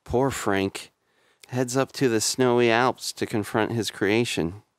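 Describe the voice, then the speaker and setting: A man narrating a comic retelling as a voice-over, in a wry, deadpan manner. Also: medium pitch, slow, smooth, dry recording, clean studio sound.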